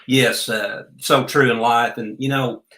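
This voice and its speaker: A man, a podcast guest telling folksy farm stories at an unhurried pace. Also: medium pitch, fairly even intonation, bright, forceful tone, echoey room, poor audio. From Oklahoma. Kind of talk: storytelling in a podcast interview.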